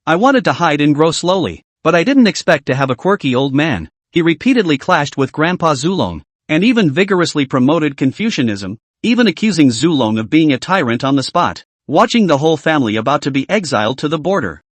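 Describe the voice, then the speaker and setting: A man narrates a story recap in second person, brisk and dramatic. His voice sits a little high and moves lively in pitch. The recording is dry and close. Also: no echo.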